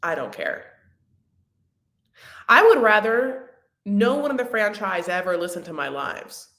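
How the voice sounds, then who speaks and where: A woman hosting a live recap chats casually. She rambles, restarts her sentences and leans on fillers. Her mid-pitched voice bounces around an echoey room. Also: sing-song, measured pace, a bit bright. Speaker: host of a reality TV recap livestream. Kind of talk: casual chat.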